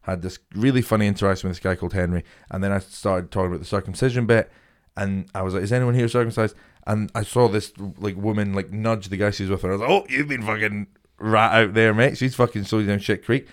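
A man's voice: lowish voice, fast. A young man co-hosting a podcast, swearing freely and acting out stories in casual chat. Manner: swears a lot, acts out anecdotes. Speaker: podcast co-host.

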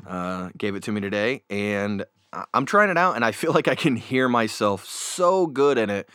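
A man hosting a casual chat show, telling stories in a rambling, animated way with many fillers, close on a desk microphone. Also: fairly low pitch, normal speed, clear, resonant tone, no echo. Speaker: podcast host. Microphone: new desk microphone.

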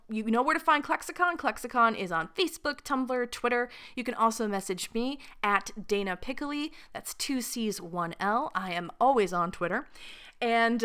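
Bright, smooth-voiced woman podcast host. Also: on the high side. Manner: upbeat, enthusiastic, easily amused. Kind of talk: casual podcast chat.

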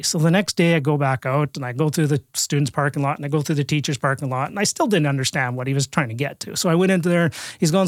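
A middle-aged Canadian man, guesting on a podcast, tells a personal story in a chatty, casual interview, often repeating words and restarting. His voice is a little high and quick with few pauses, in clean studio sound with no echo.

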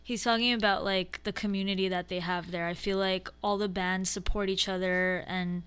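A woman's voice: medium pitch, fairly even intonation, moderate pace, a bit bright, clean tone. A woman with a congested voice, a musician guest in casual interview chat who fills her speech with "like". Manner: chatty, lots of "like".

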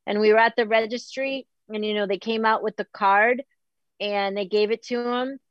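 A middle-aged woman from Boston, a guest talking candidly in an animated, self-deprecating way and often quoting herself. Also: medium pitch, moderate pace, dry recording, dull audio. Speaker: podcast guest. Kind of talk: candid conversational chat.

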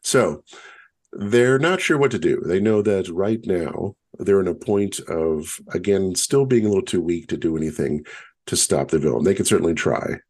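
A man co-hosting a podcast, explaining a story in a measured, storytelling way in casual conversation. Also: low voice, animated, a little mellow. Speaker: podcast co-host.

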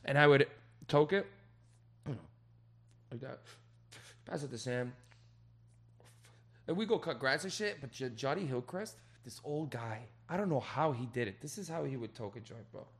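A young man in casual chat, telling rowdy stories and swearing a lot, acting out loud quoted voices. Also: mid-range voice, animated, moderate pace, pauses often, breathy edge.

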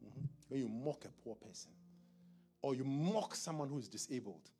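A male pastor preaching a midweek sermon, chatting with his congregation and quizzing them as he goes. His husky voice swings widely in pitch, rising and falling with expression. Faint music plays behind him. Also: lively intonation, moderate pace, dark tone. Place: church service.

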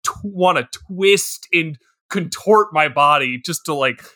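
A man's voice: on the high side, unhurried, bright, forceful tone. A young man co-hosting a casual comedy podcast about a movie, laughing often and putting on exaggerated voices when he quotes people. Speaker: podcast co-host.

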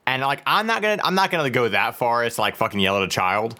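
Man, podcast co-host, casual chat, hesitant, wry, lively pitch. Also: fast talker.

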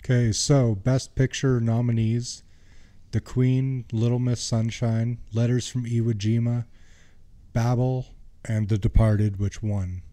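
Male co-host, mellow voice, matter-of-fact reader. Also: medium pitch, little pitch movement, takes it slowly. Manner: matter-of-fact, reads out lists. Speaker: podcast co-host. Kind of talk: casual movie-review chat.

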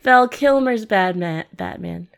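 A woman's voice: medium pitch, expressive, unhurried, gravelly. A woman co-hosting a podcast, chatting casually with dry, wry remarks. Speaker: podcast co-host. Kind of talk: casual chat.

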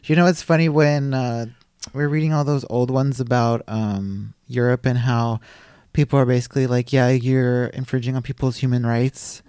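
A man's voice: mid-range voice, fairly even intonation, moderate pace, darkish tone, clear, resonant tone, dry recording. A man hosting a casual podcast chat, laughing often and reading news items aloud from a studio. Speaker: podcast host. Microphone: studio microphone.

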